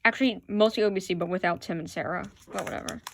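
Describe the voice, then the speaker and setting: A fan vlogger talks fast into her phone as she shows her playbill collection, bubbling over with enthusiasm in a casual chat. Her voice is mid-range, and there's slight background noise.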